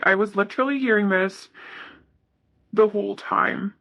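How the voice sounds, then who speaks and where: Bright-voiced woman giving a tarot reading. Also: mid-range voice, measured pace, low-quality recording. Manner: soft, hesitant, reads card messages aloud with many fillers. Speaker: tarot reader.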